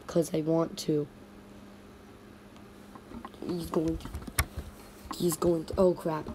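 A woman's voice: deep voice, warm tone, a little hiss or hum. A woman narrating a playful toy stop-motion story in repetitive, sing-song toy voices.

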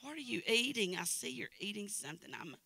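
A woman's voice: medium pitch, lively intonation, fast, creaky, bright, forceful tone, breathy edge. A woman in her sixties, a guest preacher telling playful, folksy stories from the pulpit in a church. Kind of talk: sermon with personal anecdotes.

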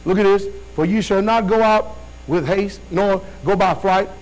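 A man's voice: sits high, moderate pace, darkish tone, poor audio. A male preacher giving a fervent sermon, reading scripture with rhythmic call-and-response asides.

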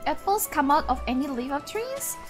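A young woman streaming a video game, chatting casually with viewers and getting loud and excitable at the game. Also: sits high, normal speed, over music. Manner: excitable, laughs often, yells at the game. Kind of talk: casual gaming livestream chat.

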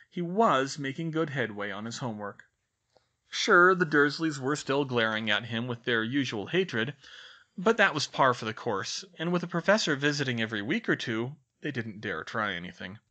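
A man reading a story aloud in a lively, expressive way. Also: mid-range voice. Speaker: reader. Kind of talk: audiobook narration.

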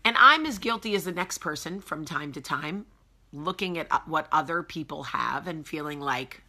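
A chatty woman in her forties hosts a casual morning live chat from her home. She greets viewers one by one, and her fairly low voice has a bright, forceful edge. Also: lively intonation, moderate pace. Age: 40s. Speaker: host.

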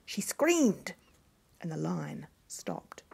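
A woman reading a fairy tale aloud in a hushed voice that often drops to a whisper. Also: lowish voice, sing-song, drawn-out words, gravelly, slightly rough. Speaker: storyteller.

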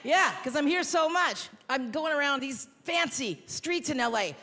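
A woman's voice: sits high, lively intonation, normal speed. A woman comedian doing a stand-up set with brash, self-mocking punchlines on a theater stage. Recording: reverberant hall, loud audience noise.

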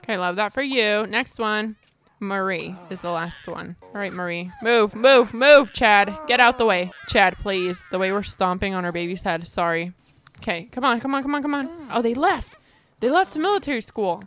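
Playing a life-sim game, this young streamer offers casual commentary that's dramatic and exasperated, with some mild swearing. She speaks at a normal speed in a mid-range, fairly bright voice, with slight background noise.

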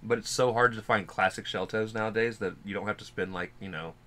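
A man's voice: fairly low pitch, steady tone, fairly quick, a bit bright. A man co-hosting a music reaction video, talking loosely and rambling through a late-night chat while wearing a face mask. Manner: loose and rambling, swears casually, fidgety. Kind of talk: casual chat reacting to a song.

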